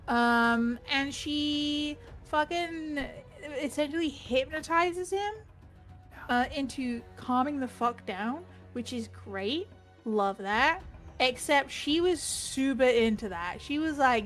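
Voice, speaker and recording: A woman's voice: high-pitched, lively intonation, slow pace, fairly bright tone, faint music behind. A woman recapping a tabletop game session in casual chat, rambling and swearing freely.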